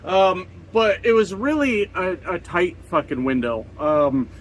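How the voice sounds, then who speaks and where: A man in his forties grumbles and swears to his camera from a truck cab, sarcastic and fed up. His voice sits a little high for a man. A faint hum of vehicle noise runs underneath. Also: a little slow, rough recording. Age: 40s. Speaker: trucker vlogger. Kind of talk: casual vlog rant. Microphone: camera set up in front of him.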